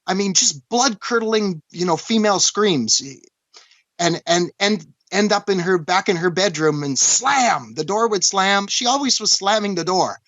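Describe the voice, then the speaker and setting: A man from Canada, recounting a personal story as an interview guest in an earnest, halting way, often restarting and saying "you know". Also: high voice, lively intonation, fairly bright tone, no room sound. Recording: dull, dry lo-fi recording.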